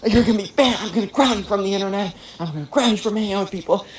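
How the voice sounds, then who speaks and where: A man voicing a stern middle-aged mother with measured, clipped scolding. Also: high-pitched, a loud crowd, pitched above the performer's own voice, close to an everyday voice, rough recording.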